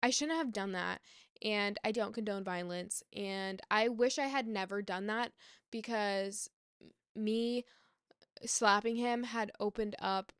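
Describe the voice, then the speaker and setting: A woman vlogger candidly retelling a personal story in a halting, rambling way. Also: mid-range voice, clear, resonant tone, no room sound, studio quality.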